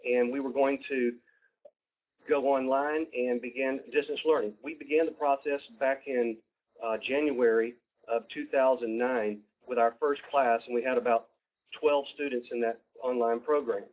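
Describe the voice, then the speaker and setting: A man with a Southern US accent presenting a webinar, folksy and halting with many fillers and restarts. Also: mid-range voice, steady tone. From Georgia, US. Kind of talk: presenting a webinar over slides. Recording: tinny phone-like line.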